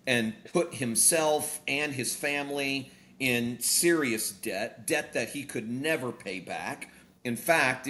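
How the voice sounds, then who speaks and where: Animated male pastor telling a story. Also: medium pitch. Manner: animated storyteller who acts out quoted dialogue. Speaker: pastor and author, guest. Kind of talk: conversational preaching, storytelling.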